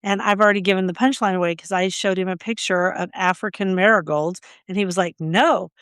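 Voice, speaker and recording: A woman's voice: medium pitch, fairly even intonation, quick pace, a bit bright, smooth, dry recording, clean studio sound. A woman co-hosting a gardening podcast, chatting casually and telling stories with frequent laughs. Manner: chatty, storytelling, laughs often. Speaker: podcast co-host.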